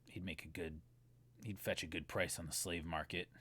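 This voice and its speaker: A man voicing a low, menacing lizard thug. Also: little pitch movement, moderate pace, pushed and bright, slight background noise. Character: menacing male Trandoshan thug, gruff and threatening.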